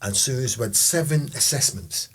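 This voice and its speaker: A man's voice: medium pitch, expressive, moderate pace, slight background noise. Middle-aged man, mid-range voice, podcast co-host, reflective casual chat, retells conversations. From Sheffield, England.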